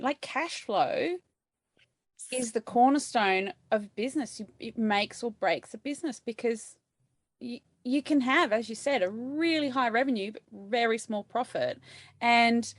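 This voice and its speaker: A woman's voice: a little high, measured pace, dry recording. A woman hosting her podcast in a conversational interview, chatty, with self-deprecating asides. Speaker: podcast host.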